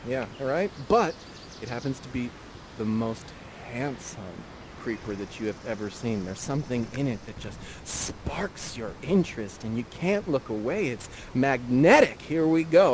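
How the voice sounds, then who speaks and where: A man with a mid-range voice plays a playful, theatrical director at a virtual reality theater show, guiding audience members through an improvised scene. He sounds animated and throws in quick asides, and there's noise in the background.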